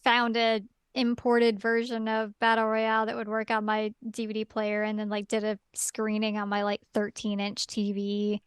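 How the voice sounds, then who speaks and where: A woman's voice: mid-range voice, monotone, moderate pace, few pauses, clean tone, no echo, clean studio sound. A woman co-hosting a casual chat, talking in a chatty, rambling way full of fillers. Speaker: co-host.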